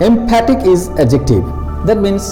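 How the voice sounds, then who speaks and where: A man teaching English grammar, repeating each example slowly and explaining in plain, patient steps. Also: high voice, sing-song, warm tone. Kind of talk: slow classroom-style grammar lesson. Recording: roomy echo with music behind. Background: new-age music.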